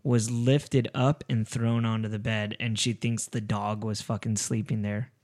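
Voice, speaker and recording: A man's voice: on the low side, flat delivery, a little slow, a little mellow, dry recording. A man hosting a podcast, telling a story in a rambling, casual way with frequent swearing. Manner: rambling, restarts, swears often. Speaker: podcast host.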